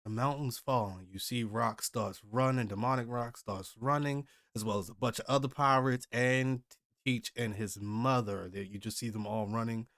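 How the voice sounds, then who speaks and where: A man's voice: medium pitch, fairly even intonation, moderate pace, a bit bright, no room sound, clean studio sound. A man hosting a comic reaction video, reading the chapter aloud and reacting casually, often thinking aloud with hesitant restarts. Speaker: host.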